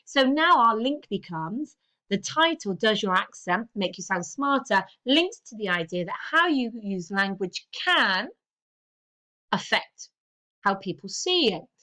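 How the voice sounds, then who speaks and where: A woman's voice: medium pitch, pushed and bright. A woman teaching an English language lesson, explaining step by step and checking in often with "okay". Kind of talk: recorded grammar lesson.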